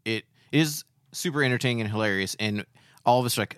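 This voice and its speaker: A man co-hosting a talk podcast, easygoing and quick to laugh along. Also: mid-range voice, fairly bright tone, smooth, dry recording, clean studio sound. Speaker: podcast co-host. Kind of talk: casual chat.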